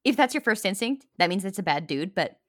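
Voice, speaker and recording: A woman's voice: mid-range voice, very animated, a little fast, dry recording, clean studio sound. Blunt woman co-host in casual chat. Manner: conversational, blunt, with fillers. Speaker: podcast co-host.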